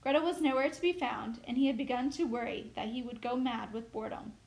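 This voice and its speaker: A woman teacher reading a novel aloud in steady, measured storytelling. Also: on the high side, gravelly, rough recording.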